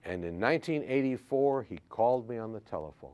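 An older man, a history professor, telling anecdotes in a classroom lecture, halting with frequent fillers. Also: mid-range voice, animated, a little mellow, dull audio.

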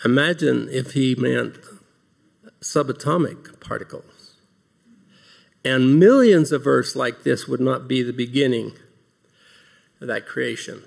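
Slow and pausing often, a man with a mid-range voice and vocal fry gives the opening remarks of an earnest devotional talk. He asks rhetorical questions and reads scripture aloud to a large audience.

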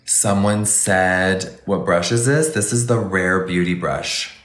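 Gushing campy man, low voice. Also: takes it slowly, a bit bright, roomy sound, slight background noise. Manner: gushing, exclamatory, campy endearments. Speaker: makeup livestreamer. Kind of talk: casual live makeup review.

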